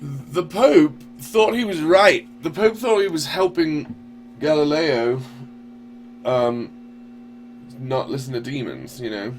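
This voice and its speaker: A man's voice: a little high, takes it slowly, faint music behind. A man hosting a casual online radio show, rambling loosely and swearing now and then. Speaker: podcast host. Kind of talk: casual talk radio chat.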